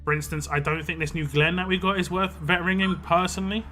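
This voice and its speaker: Bright-voiced chatty male streamer. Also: sits high, flat delivery, fast talker, faint music behind. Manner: chatty, opinionated, lots of "like" and "um". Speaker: game streamer. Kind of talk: casual live-stream commentary.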